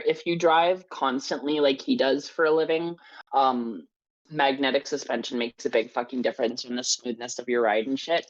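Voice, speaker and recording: A woman's voice: very deep voice, steady tone, moderate pace, lo-fi sound. A woman co-hosting a podcast, chatting casually, swearing freely and laughing as she tells stories. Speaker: podcast co-host. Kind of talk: casual chat.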